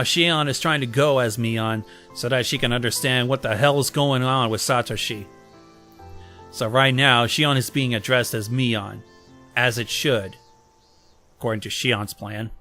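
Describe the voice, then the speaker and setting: A man's voice: mid-range voice, pushed and bright. A man reading a visual novel aloud as a let's play host, swearing and reacting as he goes. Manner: casual, profane, reacts mid-read. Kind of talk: reading a game aloud with commentary.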